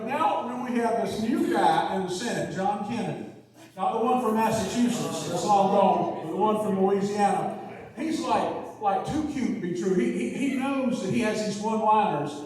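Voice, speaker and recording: A man's voice: sits high, darkish tone. A middle-aged man from South Carolina, telling chatty, punchline-driven stories as an after-dinner humorist. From South Carolina, USA. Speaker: humorist speaker. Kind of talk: after-dinner comedy speech. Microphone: handheld microphone through PA. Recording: echoey hall, voice from far off.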